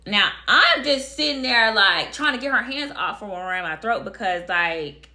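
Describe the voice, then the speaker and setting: A woman's voice: medium pitch, lively intonation, normal speed, bright, forceful tone. A young woman telling a personal story to her viewers in a blunt, emphatic way, repeating phrases for effect. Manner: addresses viewers directly. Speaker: storytime vlogger. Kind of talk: casual storytelling to camera.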